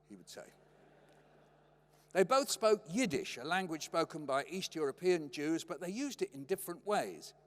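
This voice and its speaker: Older man, high voice, wry storytelling lecture, long hall reverb. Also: normal speed. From Britain. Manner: wry, anecdotal, lively delivery. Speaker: lecturer, poet.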